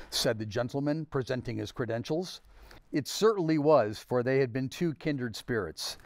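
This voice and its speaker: A man's voice: medium pitch, no echo. Man reading a classic novel aloud. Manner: steady, measured narration. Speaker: volunteer reader.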